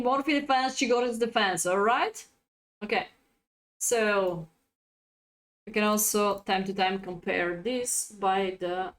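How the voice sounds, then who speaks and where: A woman's voice: mid-range voice, a bit bright. A woman chess coach, a native Bulgarian speaker, giving a live-streamed lesson, chatty and laughing often as she reads out chat.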